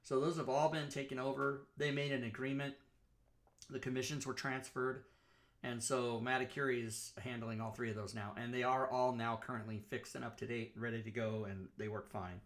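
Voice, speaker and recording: A man hosting a live-streamed talk show, walking through software in a chatty, rambling way and often correcting himself. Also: mid-range voice, level tone, moderate pace.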